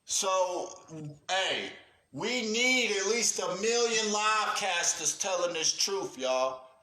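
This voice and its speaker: A man's voice: high voice, expressive, takes it slowly, sharp tone, echoey room. A man ranting on a livestream with profane urgency, calling out cowards and praising his viewers. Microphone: livestream setup.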